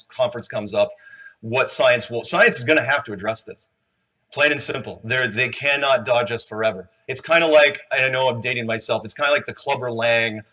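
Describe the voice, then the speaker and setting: Bright-voiced man fielding audience questions. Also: mid-range voice. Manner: loose, rambling, joking with the crowd. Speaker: conference speaker answering audience questions. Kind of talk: live Q&A. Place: conference hall.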